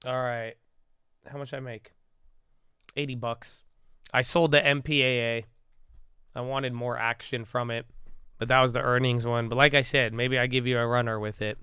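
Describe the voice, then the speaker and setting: A man chatting loosely through a live trading session, rambling and mumbling in slang. His voice is bright and smooth, and the recording is close and dry. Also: mid-range voice, flat delivery, moderate pace, long pauses, no echo. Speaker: stock-trading streamer. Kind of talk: casual live market commentary.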